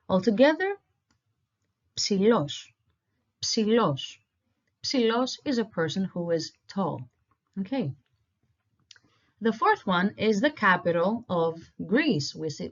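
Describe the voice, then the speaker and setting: A woman teaching an online language lesson, patiently repeating each word slowly for learners. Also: fairly low pitch. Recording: dull lo-fi recording.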